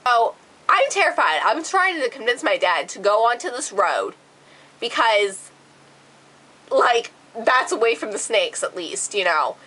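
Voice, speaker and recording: Bright, animated woman vlogger, swearing freely. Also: fairly high pitch, a little slow, rough recording. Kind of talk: storytime vlog.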